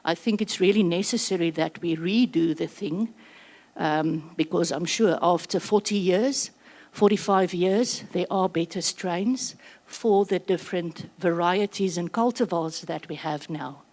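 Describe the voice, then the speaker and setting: A South African woman giving a workshop presentation, chatty and slightly out of breath, with quick joking asides. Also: lowish voice, darkish tone. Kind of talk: conference presentation.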